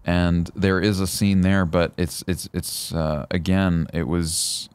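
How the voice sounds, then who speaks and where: An easygoing man chats as a guest actor and rambles along with plenty of fillers. His voice is low and close, with no room sound. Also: level tone, slow pace, clean tone, no echo. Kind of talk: casual chat.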